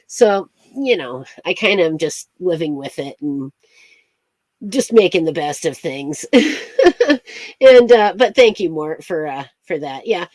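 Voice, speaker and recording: A woman with a lowish voice chats casually with her livestream viewers. She rambles from one story to the next with lots of laughter, and her pitch swings widely up and down. The sound is close and dry. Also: lively intonation, slow pace, a little mellow, no echo. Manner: rambling, laughs often between thoughts; chatty and playful, greets viewers by name. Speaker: astrology streamer.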